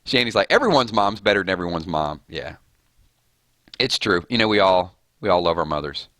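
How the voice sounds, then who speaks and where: Male streamer, rambling and fired up; crisp forceful tone, close dry mic. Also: deep voice, animated, fairly quick, no echo. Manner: fired-up, rambling, laughs often. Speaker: gaming streamer. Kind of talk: casual live-stream chat.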